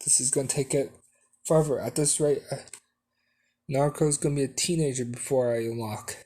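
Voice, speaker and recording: A man's voice: medium pitch, steady tone, dark tone, natural voice. A man doing a frustrated ninja mother. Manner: halting, hesitant delivery.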